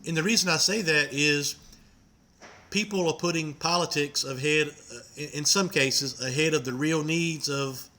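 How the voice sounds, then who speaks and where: Bright-voiced man, earnest and frustrated. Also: a little high, moderate pace. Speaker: podcast co-host, business owner. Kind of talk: casual political talk.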